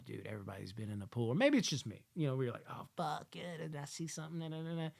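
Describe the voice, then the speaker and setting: A man giving a casual movie review, swearing often and acting out characters in loud, yelling asides. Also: mid-range voice.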